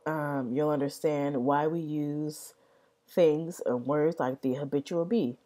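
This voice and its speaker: A woman's voice: sits low, fairly even intonation, unhurried, dark tone. A young adult woman explaining language in a casual vlog, rambling, repeating herself and often asking "right?". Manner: rambling, repeats words, many "right?" checks.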